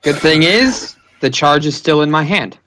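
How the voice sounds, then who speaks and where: Slow-talking man at a game table. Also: fairly high pitch, lively intonation, pushed and bright, slight background noise. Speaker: player. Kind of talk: casual tabletop play.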